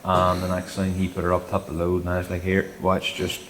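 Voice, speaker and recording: A man's voice: low-pitched, monotone, brisk, a bit bright. A man co-hosting a podcast, telling a story in casual chat, swearing, laughing and acting out quotes. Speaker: podcast co-host. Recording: echoey room with faint noise.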